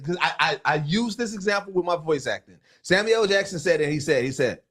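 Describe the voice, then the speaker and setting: A man with a high, lively voice, swapping stories on a podcast. He laughs often and slips into other people's voices to act out quotes. His speech swings widely in pitch. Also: fairly quick, hardly any pauses. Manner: animated, laughing storyteller who acts out quotes. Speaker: podcast co-host. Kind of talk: casual chat.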